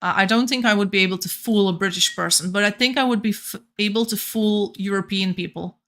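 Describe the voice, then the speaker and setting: A woman's voice: mid-range voice, fairly quick, fairly bright tone. A young woman with a light Flemish accent, chatting casually and thinking aloud while playing a game on stream, often restarting her sentences.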